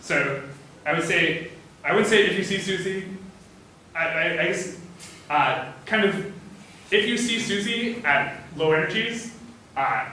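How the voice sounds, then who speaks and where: A man's voice: on the high side, bright, forceful tone, a little hiss or hum. A man giving an academic physics talk, hesitant and full of "uh" fillers as he thinks aloud. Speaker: physics lecturer. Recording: echoey hall, voice from far off.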